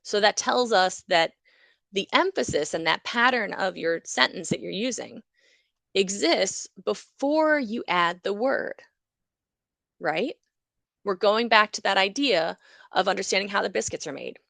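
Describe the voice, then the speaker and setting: A woman giving a university lecture on psychology, her voice carrying a gravelly, creaky texture. She explains in a lively way and acts out small examples as she goes. The sound is close and dry, with no room around it. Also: mid-range voice, a little slow, no room sound. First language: English.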